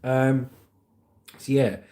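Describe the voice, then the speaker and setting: A man's voice: medium pitch, fairly even intonation, extremely slow, dark tone. A middle-aged man with an English accent, chatting casually as a livestream host and reading out comments with a joking manner. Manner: jokey, chatty, laughs often. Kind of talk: casual chat.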